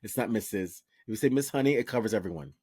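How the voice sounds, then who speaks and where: A man's voice: lowish voice, lively intonation, fast talker, mellow, husky. A man co-hosting a podcast in casual chat, playful and teasing, laughing often. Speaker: podcast co-host.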